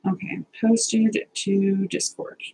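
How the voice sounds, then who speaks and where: A woman's voice: medium pitch, flat delivery, slow pace, mellow, a little hiss or hum, low-quality recording. A young woman hosting a casual live stream, chatty, nervous and self-deprecating, swearing now and then as she sorts out technical problems.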